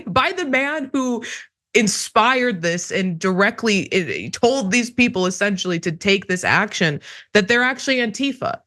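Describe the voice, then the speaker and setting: A woman's voice: medium pitch, lively intonation, unhurried, fairly bright tone. A woman giving political commentary on a news show, sarcastic and emphatic, laughing between points. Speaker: co-host commentator.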